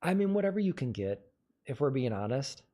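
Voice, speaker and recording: A man's voice: medium pitch, big pitch swings, brisk, mellow. A man hosting a livestream, casually giving advice and answering viewer questions in a conversational way. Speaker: livestream host.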